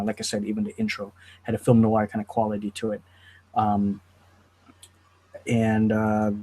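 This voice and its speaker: Husky-voiced man in casual chat. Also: medium pitch. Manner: animated, riled up, quotes lines in put-on voices. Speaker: host.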